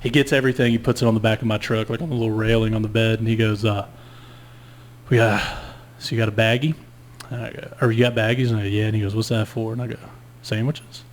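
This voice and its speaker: A man's voice: fairly low pitch, little pitch movement, quick pace, slight background noise. A man telling a long story in casual podcast chat, laid-back and profane. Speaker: guest storyteller.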